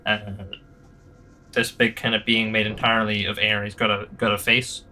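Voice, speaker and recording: Rambling male game master, bright voice. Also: lowish voice, monotone, normal speed, a little hiss or hum. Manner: rambling, hesitant, lots of fillers. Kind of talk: narrating a tabletop game.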